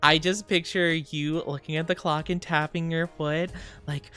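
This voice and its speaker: A woman's voice: lowish voice, moderate pace, a bit bright, faint music behind. A woman streamer chatting casually with her live chat, rambling and giggling often, tired and yawning. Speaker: VTuber streamer.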